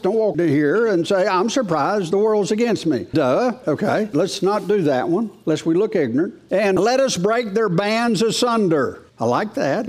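Middle-aged man, high pitch; folksy preacher delivering a sermon, quizzing the congregation. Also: a little mellow. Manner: folksy, rhetorical questions, reads scripture aloud.

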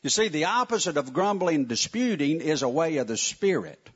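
Pastor preaching in church, voice jumping all over, kinda husky, folksy asides to the crowd. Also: male voice, on the high side, very animated, a little fast. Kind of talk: sermon. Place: church sanctuary. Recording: muffled lo-fi sound.

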